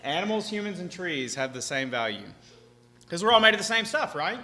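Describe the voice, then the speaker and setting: A man with a bright, forceful voice that sits a bit high for a man gives an animated seminar talk. He keeps checking in with the crowd. The sound is echoey and hall-like, with a faint hum behind him. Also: a little fast. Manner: animated, chatty, keeps asking "right?". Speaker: speaker teaching a seminar audience. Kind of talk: lively seminar talk to an audience. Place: large hall with an audience.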